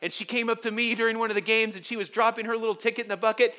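A man preaching a sermon to his church, telling stories with lively swings from quiet to loud. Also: very high voice, racing. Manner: animated storytelling, swings from soft to loud. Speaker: pastor.

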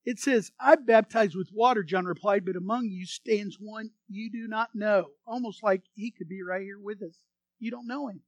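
A male pastor preaching an animated sermon, acting out voices from the story and leading the congregation in repeating phrases. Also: high-pitched, moderate pace, no room sound.

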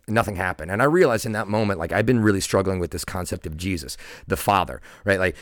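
Speaking quickly with few pauses, a low-pitched man in his forties tells a personal story as a podcast guest. His casual delivery is earnest and reflective, full of restarts and "like." The audio is clean studio sound without echo.

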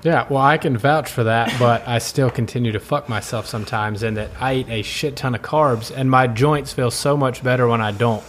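A man with a South Carolina accent hosts a casual podcast chat. He is laid-back, swears freely and speaks at a middle pitch. Faint noise runs under his voice. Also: moderate pace, hardly any pauses. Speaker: podcast host.

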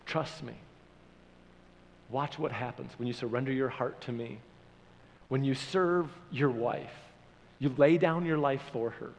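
A man's voice: mid-range voice, darkish tone. Guy preaching a sermon, keeps repeating himself for emphasis, echoey big hall. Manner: emphatic, repeats points, acts out quoted prayers. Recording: long reverb of a large hall.

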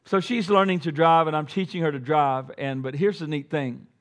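A middle-aged man preaching a sermon to a church congregation, talking conversationally and swelling to loud, emphatic peaks, with joking asides. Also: fairly high pitch, steady tone, normal speed. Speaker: pastor. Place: church sanctuary before a congregation.

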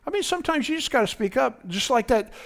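A man's voice: very high-pitched, sing-song, quick pace, vocal fry, a bit bright. A man preaching a fervent sermon as pastor, often breaking in with "praise God" and asking if the congregation is listening.

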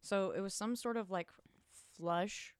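A woman's voice: medium pitch, unhurried, clear, resonant tone, no echo, clean studio sound. A young woman chatting casually about a movie, unsure of details and swearing freely. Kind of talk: casual movie recap chat.

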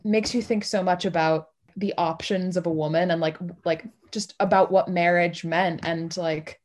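A woman's voice: fairly low pitch, steady tone, normal speed. A woman in a casual play discussion, rambling with many fillers and restarts. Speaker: play reading participant.

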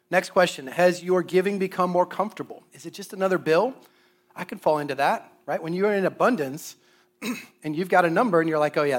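A man preaching in an easygoing, storytelling way, his voice sitting a little high. He talks to the congregation like friends and turns loud and animated when he plays out his own reactions. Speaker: pastor. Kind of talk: sermon.

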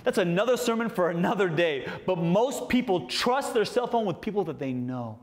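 A man, a pastor preaching a sermon with animated delivery and playful asides. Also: sits high, normal speed, long reverb tail.

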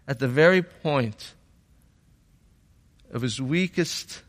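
Slow, reflective male preacher in a reverberant hall. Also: mid-range voice, a bit bright. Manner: reflective, rising to fervent emphasis. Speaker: pastor. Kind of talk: sermon.

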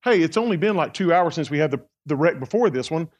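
A preacher doing an unbothered taxi driver. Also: male voice, fairly high pitch, expressive, fast talker, dull audio. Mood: shrugging. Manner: offhand, casual. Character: shrugging, unbothered male city taxi driver.

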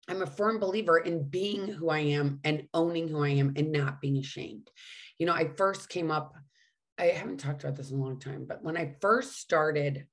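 A middle-aged woman with a slightly low voice tells her own story in a candid monologue. She talks frankly and with feeling, swears now and then, and pokes fun at herself. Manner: frank and emotional, with swearing and self-mockery; says she cannot sing. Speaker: recovering alcoholic sharing her story.

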